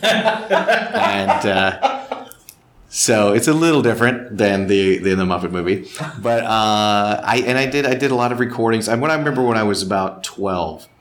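A man's voice: fairly low pitch, animated, moderate pace, a bit bright. A man from Texas, a voice actor, chatting in an interview with easy self-deprecating humor. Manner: self-deprecating, slips into voice impressions. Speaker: voice actor and director. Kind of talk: relaxed interview chat.

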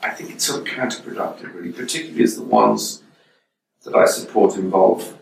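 A man's voice: low voice, big pitch swings, fairly quick, creaky. A middle-aged English man chatting as an interview guest, telling rambling wry anecdotes with lots of restarts. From England. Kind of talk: casual interview chat. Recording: echoey room, distant mic, faint noise.

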